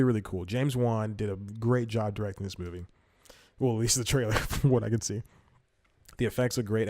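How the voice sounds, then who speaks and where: A man's voice: on the low side, a little mellow, no room sound, studio quality. A young man hosting a comedy podcast, rambling through casual commentary, correcting himself and laughing often. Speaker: podcast host.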